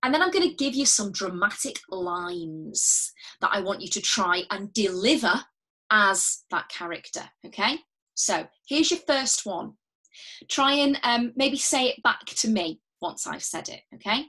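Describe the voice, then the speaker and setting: A woman leading a drama workshop, giving clear, patient, step-by-step instructions and often repeating key words. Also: fairly high pitch, expressive, unhurried, bright, forceful tone. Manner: encouraging and reassuring toward learners at home. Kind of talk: recorded instructional drama lesson.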